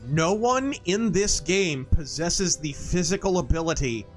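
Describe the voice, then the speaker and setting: A man's voice: on the high side, expressive, measured pace, soft background music. Sarcastic, foul-mouthed male game streamer. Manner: sarcastic, profane wisecracks. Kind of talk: live gameplay commentary.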